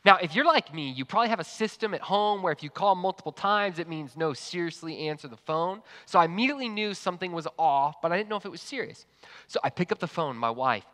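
A man preaching a sermon to an online congregation, telling a personal story in a lively, conversational way. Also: sits high, fast talker. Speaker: pastor. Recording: long hall reverb.

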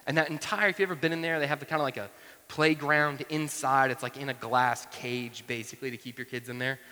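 A man's voice: mid-range voice, steady tone, fast talker, sharp tone. A man in his thirties preaching a sermon, telling a family story in a conversational way with frequent asides. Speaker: pastor. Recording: long reverb from a large hall.

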